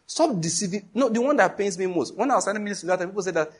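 A middle-aged Nigerian-accented man preaching with a husky, slightly raised voice. He drives his points home emphatically and tells stories in an animated way, throwing rhetorical questions at the congregation. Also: sits high, very fast. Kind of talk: sermon.

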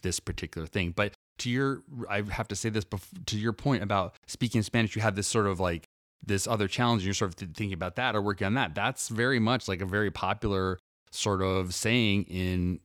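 Animated man explaining improv, dry close mic. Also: fairly low pitch, no room sound. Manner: animated, acts out examples in quick character voices. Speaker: improv teacher and guest. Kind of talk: casual podcast conversation.

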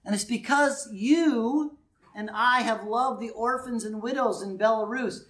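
A man preaching a sermon in a conversational, animated way, with sudden quiet asides. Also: very high voice, measured pace. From United States.

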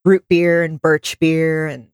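A woman's voice: sits low, little pitch movement, slow, clear, resonant tone, no echo, clean studio sound. A woman co-hosting a podcast, frank and enthusiastic in casual chat. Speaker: podcast co-host.

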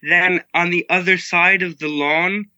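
A young man, the son, recounting a camping trip in a relaxed, wry, casual way. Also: high-pitched, a little slow, no room sound. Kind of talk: casual storytelling.

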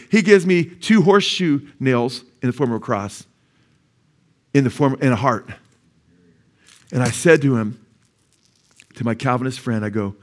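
A man preaching a sermon from the pulpit of a church. He tells stories with lively energy, his voice climbing sharply when he gets excited and settling lower when he urges his listeners on. His pitch sits in an ordinary middle range for a man. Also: a little fast. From United States. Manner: animated storytelling, voice climbing high when excited. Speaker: pastor. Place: church sanctuary.

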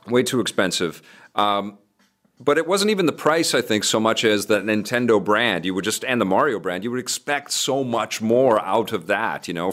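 Male gaming show host, lower voice, casual rambling reads of viewer comments. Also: fairly bright tone. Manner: rambling, chatty, many fillers and restarts. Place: studio.

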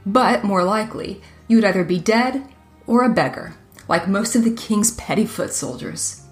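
A woman voicing a clever young soldier who speaks calmly and dryly in a storybook reading. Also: medium pitch, moderate pace, soft background music, lightly acted. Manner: calm, dry and thoughtful.

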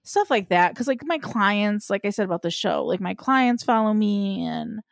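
A woman's voice: mid-range voice, animated, normal speed, creaky, no echo, studio quality. A woman in casual chat, frank and swearing, with lots of "like" fillers.

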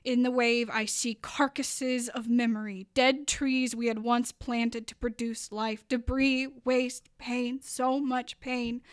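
A young adult woman performing a spoken word poem, her delivery moving between hushed passages and impassioned, rising lines. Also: a little high, flat delivery, slow pace, few pauses, clean tone, no echo, clean studio sound. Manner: dramatic, building from hushed to impassioned.

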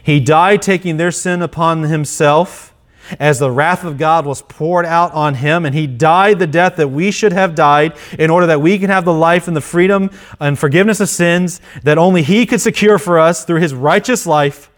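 A man's voice: fairly high pitch, normal speed. A male pastor preaching an earnest sermon, often repeating and restarting his phrases.

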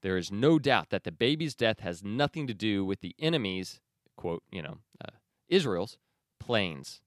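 Male podcast host, opinionated news commentary, smooth clear voice, dry close sound. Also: on the low side, very animated, moderate pace, no room sound. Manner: opinionated, sarcastic, with many fillers and restarts.

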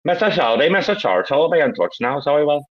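A man doing an impression of a gruff, menacing gangster boss who swears and threatens in clipped lines. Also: on the high side, very animated, fast talker, lo-fi sound, pitched above the performer's own voice.

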